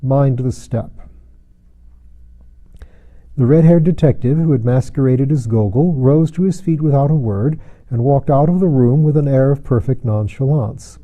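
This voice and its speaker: Dark-voiced man reading a novel aloud. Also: mid-range voice, dull audio. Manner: measured reading, acting out dialogue. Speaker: audiobook narrator. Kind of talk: scripted narration.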